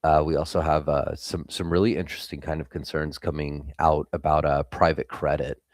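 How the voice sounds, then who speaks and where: A man's voice: rumbling low, flat delivery, fairly quick, no room sound, studio quality. A young man hosting a live trading stream, giving blunt, casual market commentary and swearing freely.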